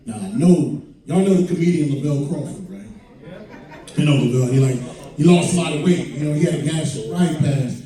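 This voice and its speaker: Stand-up comic, man from Hartford, winded and playful, mellow voice, echoey club from far off. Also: fairly high pitch, expressive, moderate pace. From Hartford, Connecticut. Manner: loose and joking, breaks into singing. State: out of breath. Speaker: stand-up comedian. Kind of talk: stand-up comedy set. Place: comedy club stage.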